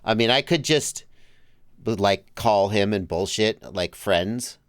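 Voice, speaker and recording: A man who grew up in Georgia hosting a livestream, chatting casually, laughing easily and trailing off quietly. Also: fairly low pitch, slow pace, clear, resonant tone, no echo, clean studio sound. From Georgia, US South. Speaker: livestream host. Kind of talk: casual chat.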